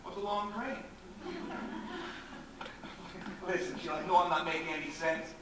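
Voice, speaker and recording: An actor on a theatre stage playing an anxious, rambling, self-mocking middle-aged writer, recorded from far off in an echoey, noisy hall. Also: male voice, a little high, fairly even intonation, fast talker, close to an everyday voice. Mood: frazzled. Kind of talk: live stage acting. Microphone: distant room mic.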